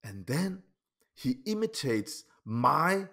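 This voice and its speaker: A channel host who isn't a native English speaker delivers an emotional vlog monologue about a falling-out with a friend. His voice is fairly high, sing-song and creaky, and he speaks slowly. He rambles and repeats himself, keeps asking "okay?", and swings between loud outbursts and quiet asides.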